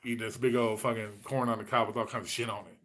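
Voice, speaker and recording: A man's voice: mid-range voice, steady tone, fast, a bit bright. A man in his forties hosting a casual livestream chat, telling rambling, profane stories. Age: 40s. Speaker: host.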